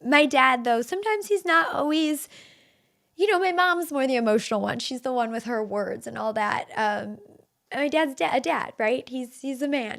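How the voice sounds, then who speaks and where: Earnest woman podcast host, slightly high voice. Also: vocal fry, fairly bright tone. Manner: earnest, emotional, many fillers and restarts. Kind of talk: solo podcast talk.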